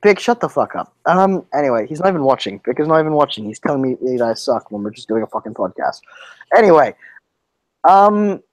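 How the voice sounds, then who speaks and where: A young man co-hosts a laid-back podcast reviewing wrestling matches, laughing a lot and swearing freely. His voice is a little high with big pitch swings, fairly quick, and has no room sound.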